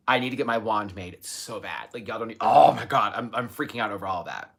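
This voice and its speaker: A man hosting a casual live stream, gushing and chatty, with sudden high squeals of excitement. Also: a little fast, vocal fry, hardly any pauses. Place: home, in Los Angeles.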